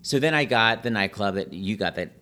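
A middle-aged man, a pianist and Broadway host, chats casually as a podcast guest, speaking fast and telling animated stories. He jumps into high put-on voices to quote people.

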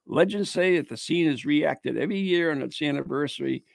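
A man's voice: a little high, brisk, creaky, no room sound. A man co-hosting a podcast, casually reading ghost stories aloud with joking, mock-grim asides. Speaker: podcast co-host.

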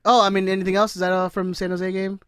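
A man's voice: high-pitched, level tone, fast, smooth, no echo, studio quality. A man co-hosting a casual sports podcast, laid-back and teasing in a rambling way. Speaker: podcast co-host. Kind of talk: casual chat.

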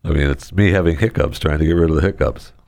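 A man's voice: very deep voice, quick pace, vocal fry, a little mellow, dry recording. A man hosting a radio show, chatting casually in a rambling, jokey, self-deprecating way. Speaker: radio host. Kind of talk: casual on-air chat.

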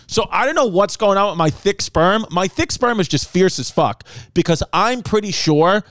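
A man hosting a comedy podcast, riffing crudely and loudly with lots of swearing and sudden put-on voices for others. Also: high voice, normal speed, dry recording. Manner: loud, brash, swears a lot, animated voices for others.

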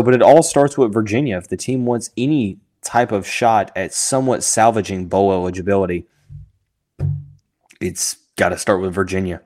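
A man hosting a sports podcast, thinking out loud with lots of fillers and restarts, who has the hiccups. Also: lowish voice. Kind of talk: casual sports analysis podcast.

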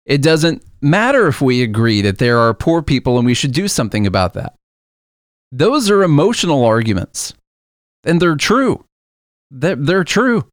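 A man's voice: medium pitch, no echo, clean studio sound. A man talking in a casual monologue, earnest and argumentative, and he repeats his points for emphasis.

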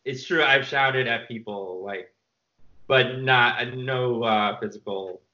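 Bright-voiced man telling rambling stories. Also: medium pitch, takes it slowly, lo-fi sound. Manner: rambling, animated storyteller with fillers. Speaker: filmmaker guest. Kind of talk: casual interview storytelling.

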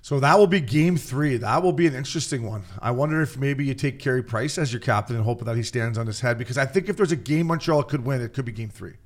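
A man co-hosting a sports podcast, telling stories quickly and swearing often in casual banter. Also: medium pitch. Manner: rapid, profane, storytelling. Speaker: podcast co-host.

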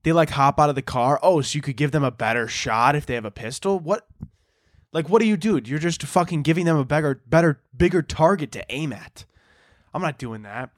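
A man's voice: fairly high pitch, brisk, dry recording, studio quality. A young man hosting a podcast, rambling through a profane, comedic monologue. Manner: profane, rambling, animated storytelling. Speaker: podcast host.

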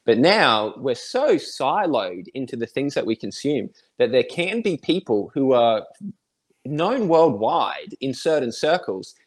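An Australian man chatting as a guest in a casual interview. His voice sits at an ordinary middle pitch, and he talks in a rambling, friendly way with frequent chuckles. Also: sing-song, unhurried.

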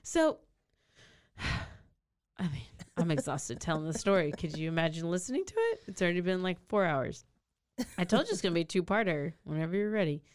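A woman with a clear, resonant, rather low voice talks briskly but leaves long pauses as she co-hosts a podcast. She tells a true crime story conversationally and with animation, performing the characters' lines.

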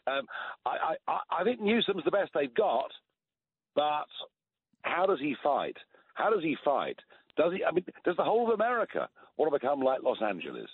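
A man's voice: a little high, wildly swooping pitch, moderate pace, breathy edge. British man on a tinny phone line. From England. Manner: emphatic, laughing, repeats words. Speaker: guest. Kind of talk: political chat on a phone call.

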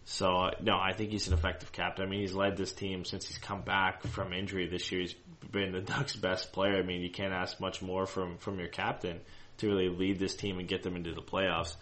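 A man with a very deep voice co-hosts a casual fan podcast. He talks in long, loose sentences and keeps restarting his thoughts. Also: flat delivery, fairly quick, a bit bright. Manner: rambling, many restarts and fillers. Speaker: co-host of a hockey fan show.

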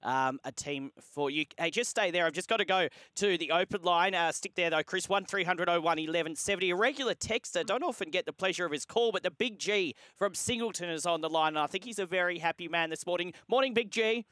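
A man's voice: sits high, a little fast, hardly any pauses, sharp tone, no room sound. An Australian man hosting talkback radio, chatty and encouraging with his callers. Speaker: radio host. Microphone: studio microphone.

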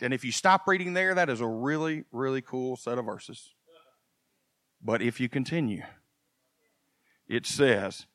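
A male pastor preaching a sermon, animated and swinging from quiet folksy asides to loud emphasis. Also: medium pitch, normal speed, long pauses, no echo, studio quality.

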